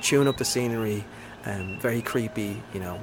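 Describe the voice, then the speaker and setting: A man's voice: fairly low pitch, brisk, background noise. A man hosting a casual movie chat, enthusiastic and rambling with lots of fillers.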